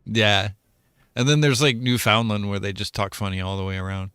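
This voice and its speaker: A man's voice: fairly low pitch, a little fast, pushed and bright, clean tone, dry recording. A man chatting casually while playing a game, joking and rambling. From United States. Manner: joking, rambling, frequent laughs. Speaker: gamer co-host. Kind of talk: casual chat while gaming.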